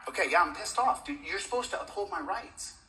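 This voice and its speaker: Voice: mid-range voice, very animated, fast talker, bright, forceful tone, soft background music. A citizen journalist filming indoors in a public building, agitated and shaking, confronting an officer in a demanding, lecturing way. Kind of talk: heated confrontation. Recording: voice caught from a distance.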